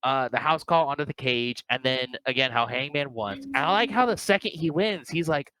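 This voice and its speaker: A man co-hosting a casual wrestling review, talking excitedly and acting out wrestlers' lines. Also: mid-range voice, moderate pace, hardly any pauses, a crowd in the background, poor audio. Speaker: podcast co-host.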